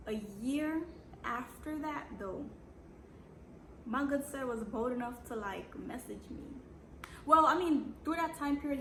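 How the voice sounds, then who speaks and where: Sassy Jamaican woman, echoey room. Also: fairly high pitch. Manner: blunt, sassy and slangy with dramatic repetition. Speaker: vlogger. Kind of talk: storytime vlog. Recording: echoey room with background noise.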